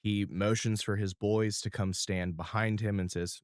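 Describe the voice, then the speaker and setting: Dm guy describing the scene casually, low voice, dry room. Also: fairly even intonation, a little slow, no echo. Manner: loose, descriptive, with fillers. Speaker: game master. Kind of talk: narrating a tabletop game.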